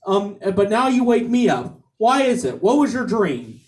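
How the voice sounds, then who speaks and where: A man voicing a weary husband of thirty years, in a low, tired, deadpan tone. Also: moderate pace, distant mic.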